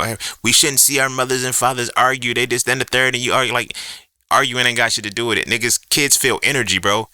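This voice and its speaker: A man's voice: mid-range voice, bright, forceful tone, no room sound, clean studio sound. A man hosting a podcast alone, ranting in a profane, emphatic way and throwing out rhetorical questions in an unscripted monologue. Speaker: podcast host.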